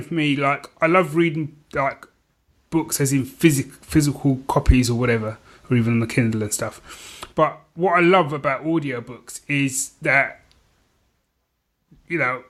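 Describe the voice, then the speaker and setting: Rambling middle-aged podcast host. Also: male voice, mid-range voice, fairly even intonation, normal speed, a bit bright. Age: 40s. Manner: rambling, self-deprecating, restarts a lot. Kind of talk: casual chat.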